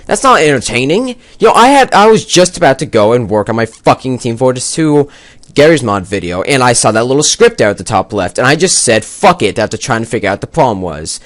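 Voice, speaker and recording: Young man, angry gaming rant, heavy swearing, lively swinging pitch, dry recording. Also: brisk, no echo. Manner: swearing, exasperated, rambling. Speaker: gaming video maker.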